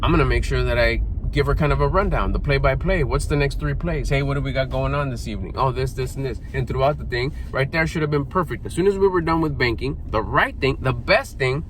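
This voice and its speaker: A man's voice: medium pitch, fast, few pauses. A man giving an emphatic, self-critical motivational vlog monologue in short punchy phrases. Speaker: vlogger, mindset coach. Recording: noisy background.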